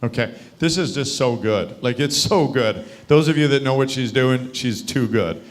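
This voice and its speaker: A man running a live sales training over a video call, talking at an ordinary pitch. He coaches in a steady, encouraging way and keeps throwing questions back to the group. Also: normal speed.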